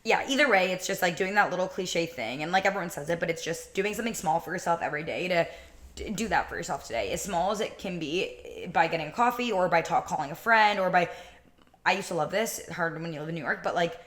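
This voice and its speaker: A woman's voice: on the low side, fast, fairly bright tone. A young woman co-hosting a casual podcast as a law student, chatty and upbeat, with a lot of "like" in her speech. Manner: chatty, upbeat, heavy use of "like".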